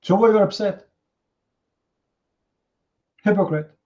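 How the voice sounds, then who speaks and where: Taking it slowly, a high-voiced, slightly mellow male host confronts and ridicules opponents with rhetorical questions during a heated online debate broadcast live. His English grammar is non-native, and the stream sounds slightly muffled.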